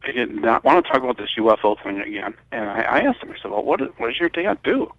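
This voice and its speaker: An older man from Michigan recounting a personal story in a halting, rambling way, full of restarts. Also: medium pitch, big pitch swings, no room sound, phone-quality sound. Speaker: guest.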